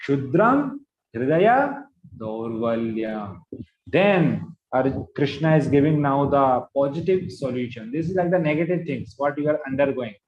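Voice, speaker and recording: Guy giving a scripture lecture, emphatic, chants verses slow, kinda dull roomy sound. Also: a little high, slight background noise. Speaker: scripture teacher.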